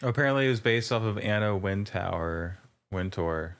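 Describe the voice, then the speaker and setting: A man's voice: lowish voice, animated, moderate pace. A man co-hosting a podcast, chiming in with brief comments during a casual chat. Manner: brief interjections. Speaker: podcast co-host. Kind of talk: casual movie review chat.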